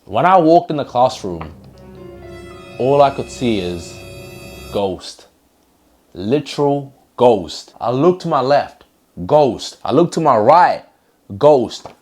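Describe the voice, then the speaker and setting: A young man vlogging, telling a comic story from school in an animated, slangy way. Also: mid-range voice, moderate pace, faint music behind.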